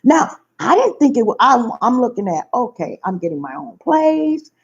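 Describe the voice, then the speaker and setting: A woman tells a personal story, her husky, gravelly voice rising and falling all over. She talks emphatically and repeats her phrases for weight. The recording is dull and lo-fi. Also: fairly high pitch, very animated, moderate pace. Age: 50s. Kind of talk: casual storytelling to viewers.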